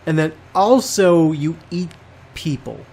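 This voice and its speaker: Man co-host, slightly high voice, incredulous and laughing along, casual comedy podcast. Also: lively intonation, slow pace, a little mellow, husky.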